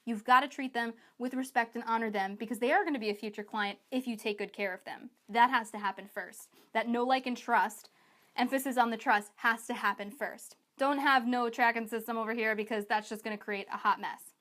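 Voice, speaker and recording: A woman with a somewhat high voice delivers a sales training talk to coaches. She talks in a chatty, energetic and emphatic way, and she keeps slipping into her clients' voices for quick asides. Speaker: business coach.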